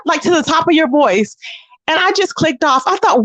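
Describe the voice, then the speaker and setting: A woman hosting a casual gossip livestream, sassy and animated, greeting viewers by name. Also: sits high, normal speed, no room sound, low-quality recording. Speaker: livestream host.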